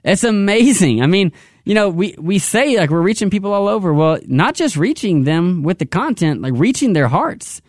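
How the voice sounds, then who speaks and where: A man hosting a radio pledge drive, upbeat and urging, who slows down to repeat phone numbers. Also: sits high, very animated, dry recording, studio quality. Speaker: radio fundraiser host. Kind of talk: on-air pledge drive appeal. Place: radio studio.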